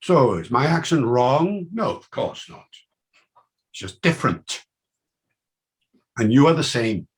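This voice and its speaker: An older man gives a university lecture in a Welsh-Liverpool accent, his slightly rough voice moving at a measured pace with frequent pauses. His delivery is enthusiastic, full of lively, swinging shifts in pitch.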